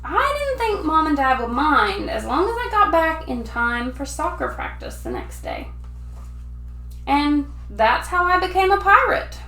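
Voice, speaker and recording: A woman teacher reading a children's picture book aloud with lively, expressive storytelling. Her voice sits high, and the recording carries a noticeably echoey room sound.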